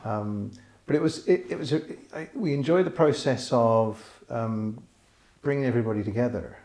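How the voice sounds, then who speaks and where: A male filmmaker hosts a casual interview with a mellow, middle-pitched voice. He speaks hesitantly, restarting his sentences often. The room is noticeably echoey. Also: moderate pace. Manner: hesitant, with many restarts and fillers.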